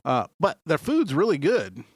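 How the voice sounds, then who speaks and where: Wry deadpan podcast co-host man. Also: on the high side, a little slow, slightly rough, dry recording, clean studio sound. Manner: wry, deadpan joking, rambling. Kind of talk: casual chat.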